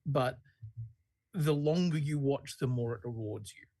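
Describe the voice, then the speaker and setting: A woman's voice: rumbling low, measured pace, warm tone. A woman co-hosting a podcast, speaking emphatically and swearing for emphasis. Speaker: podcast co-host. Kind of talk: casual chat.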